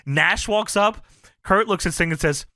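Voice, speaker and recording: A man co-hosting a podcast, chatting excitedly and profanely, often laughing and acting out quotes. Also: sits high, a little slow, no echo, clean studio sound. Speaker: podcast co-host. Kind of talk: casual podcast chat reacting to wrestling.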